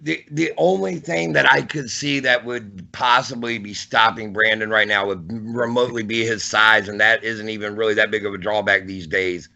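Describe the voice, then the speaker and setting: A man co-hosting a podcast speaks with a heavy gravelly rasp and a bright, forceful edge. He gets enthusiastic and restarts his sentences often. The audio sounds a little dull and lo-fi. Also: on the low side, fairly even intonation. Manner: quick, stumbling restarts, enthusiastic. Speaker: podcast co-host and wrestling referee. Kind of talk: casual podcast chat.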